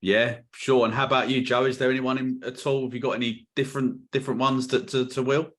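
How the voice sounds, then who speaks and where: A man's voice: mid-range voice, level tone, fast talker. A man hosting a casual music podcast interview, asking questions with many restarts and fillers. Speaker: podcast host.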